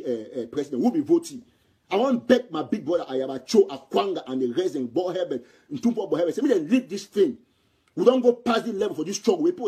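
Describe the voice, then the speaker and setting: A man from Southern Cameroon talks in Cameroonian Pidgin English. His voice is high and husky with a dark, mellow tone, and he rushes through his points in a heated, repetitive manner. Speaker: political commentator. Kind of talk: impassioned audio commentary.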